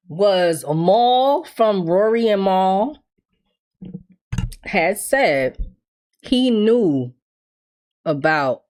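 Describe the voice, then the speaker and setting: A woman hosting a casual gossip commentary show, talking in an animated, profane, chatty way. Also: medium pitch. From New York. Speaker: host.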